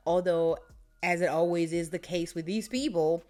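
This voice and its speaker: A woman's voice: on the low side, normal speed, darkish tone. A young woman hosting a true crime channel, telling a case in a casual way and breaking off often to vent her indignation. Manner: indignant, exclaiming commentary.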